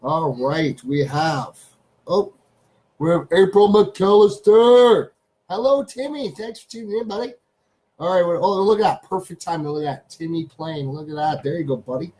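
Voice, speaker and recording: A man's voice: a little high, normal speed, a little mellow, poor audio. A Canadian man hosting a casual live stream from his home studio. He chats loosely, repeats his phrases, and calls out to his pets.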